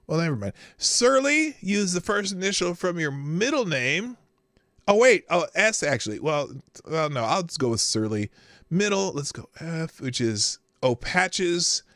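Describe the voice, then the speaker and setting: Lively rambling male show host. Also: fairly high pitch, no echo, clean studio sound. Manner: rambling, jokey, stumbles over words. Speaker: host of a live morning show. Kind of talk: casual live commentary.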